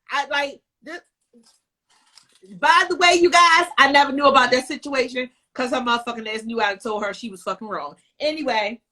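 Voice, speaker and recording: A woman's voice: high voice, normal speed, pushed and bright. A woman co-hosting a podcast, talking in a blunt, teasing and profane way. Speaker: podcast co-host. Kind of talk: casual chat.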